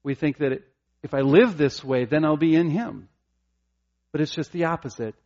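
A middle-aged man preaching a sermon, earnest and emphatic, rising to passionate peaks and dropping to soft, intimate asides. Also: on the high side, moderate pace, highs cut off. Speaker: pastor.

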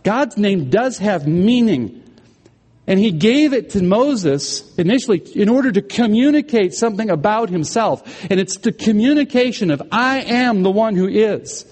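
A man's voice: high-pitched, animated, normal speed, darkish tone, in a large hall. A man preaching a sermon as pastor, explaining scripture and asking the congregation questions.

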